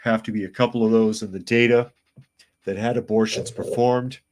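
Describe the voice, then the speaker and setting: Blunt, very deep-voiced male podcast host. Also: fairly even intonation, moderate pace, a little mellow, slight background noise. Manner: blunt, sarcastic, mocks others in put-on voices. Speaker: podcast host reading chat comments. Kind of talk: opinionated live-stream commentary.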